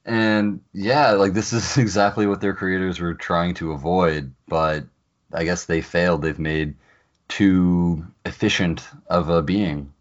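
Male podcast co-host, very low voice, excitable and chuckly, lo-fi dull sound. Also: unhurried. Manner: excitable reactions, laughs often, many fillers. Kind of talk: casual chat.

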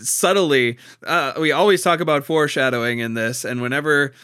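A man with a bright, forceful and smooth voice, discussing a play in casual talk. He speaks haltingly, pausing and restarting as he gathers his thoughts. The sound is close and dry. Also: on the high side, no room sound. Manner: halting, many fillers and restarts, laughs easily.

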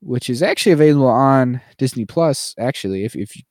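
A man's voice: medium pitch, animated, brisk, a little mellow, no room sound, studio quality. A man co-hosting a podcast in casual chat, rambling and filler-heavy, now and then dropping into playful mock voices. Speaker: podcast co-host.

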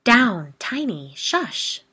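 A woman voicing a flustered, rambling woman homeowner in a storybook reading, apologetic and raised in pitch and volume. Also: expressive, normal speed. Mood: scolding.

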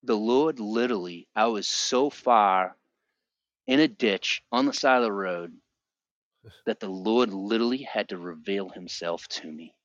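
A middle-aged man sharing his personal religious testimony on a podcast, earnest and vivid, often halting and restarting his sentences. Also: on the low side, dry recording, dull audio.

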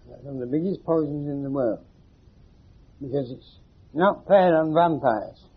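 A man's voice: on the high side, normal speed, husky. A man gives an informal spiritual talk to a small group, wry and teasing, putting questions to his listeners. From England. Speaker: spiritual teacher. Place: meeting room with a small audience. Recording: muffled 1980s tape recording.

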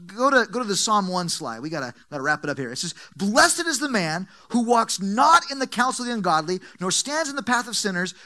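A middle-aged man preaching a sermon to his church, emphatic and repetitive, with big swings in pitch and volume. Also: bright, forceful tone. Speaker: pastor.

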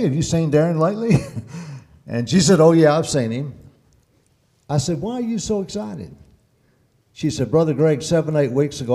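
A man preaching to his congregation, his voice dark and mellow. He tells stories with animated swings between hushed moments and loud emphasis. The sound carries the long echo of a large church hall. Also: mid-range voice. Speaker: pastor. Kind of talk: sermon storytelling.

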